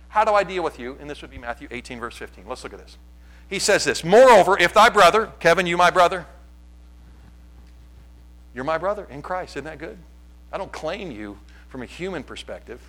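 A male pastor delivering a sermon to his church, his voice sitting a bit high with a bright, forceful edge. He preaches in an animated way, moving from loud, pressing lines to soft, quiet asides.

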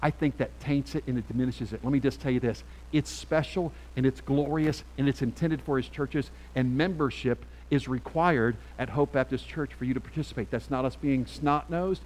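A middle-aged man preaching a sermon as pastor, emphatic and swinging from quiet asides to loud calls. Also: medium pitch, normal speed, hardly any pauses, a little hiss or hum, poor audio.

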